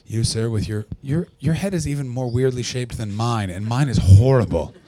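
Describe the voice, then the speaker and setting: A young Canadian man doing live stand-up at a small festival venue, profane and sarcastic, riffing with the crowd and breaking into yelled punchlines. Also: medium pitch, normal speed, dry recording. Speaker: stand-up comedian.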